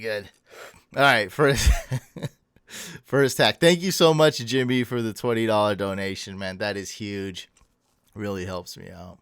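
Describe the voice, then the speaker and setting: A man's voice: on the low side, unhurried, long pauses, a bit bright, smooth, no echo, studio quality. A tired man hosting a casual livestream, chatting loosely, thanking viewers and stumbling over their names. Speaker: livestream host. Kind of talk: casual livestream chat reading viewer comments. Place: home room.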